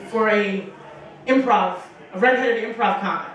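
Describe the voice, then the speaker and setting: A woman's voice: mid-range voice, measured pace, fairly bright tone, lo-fi sound. Rambling, profane woman comic in an echoey bar. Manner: rambling, profane, full of fillers, acting out voices. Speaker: stand-up comedian. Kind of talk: stand-up comedy set. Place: small bar stage. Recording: echoey bar room from a distance.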